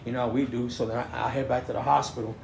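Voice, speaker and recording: A man's voice: mid-range voice, flat delivery, rapid-fire, vocal fry, darkish tone. A man, telling a story in a rambling way, stammering and restarting, saying "you know what I'm saying" over and over. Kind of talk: casual storytelling. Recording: echoey room, faint noise.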